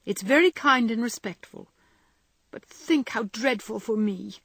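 A woman voicing a gentle young woman who speaks in a pleading, distressed way. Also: a little high, expressive, measured pace, creaky, slightly rough, no echo, pitched above the performer's own voice, full character voice. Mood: ashamed.

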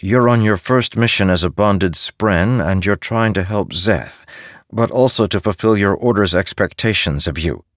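A man's voice: fairly low pitch, normal speed, no echo, voice pushed up, natural voice. A man voicing a weary young soldier who speaks in a dry, understated way.

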